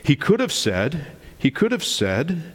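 A man's voice: fairly high pitch, wildly swooping pitch, unhurried, in a large hall. A man in his forties preaching a sermon, emphatic and explanatory, posing rhetorical questions to the congregation. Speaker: pastor.

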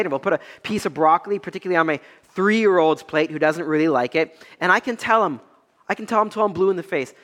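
Emphatic high-voiced preacher in a reverberant hall. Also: male voice. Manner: emphatic preaching, swinging between loud high peaks and low quiet stretches. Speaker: pastor. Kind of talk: expository sermon.

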